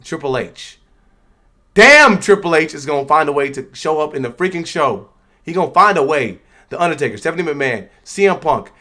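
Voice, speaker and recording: A man's voice: on the high side, expressive, brisk, bright, forceful tone. A man hosting a livestream, giving slangy, loose live reaction commentary and talking back at the screen. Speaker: livestream host.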